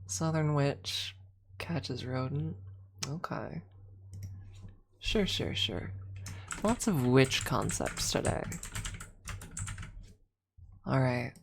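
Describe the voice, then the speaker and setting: A woman's voice: rumbling low, extremely slow, vocal fry, pauses often, a little hiss or hum. A woman streamer chatting casually with her chat, rambling and restarting her sentences and laughing often. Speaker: streamer taking chat requests.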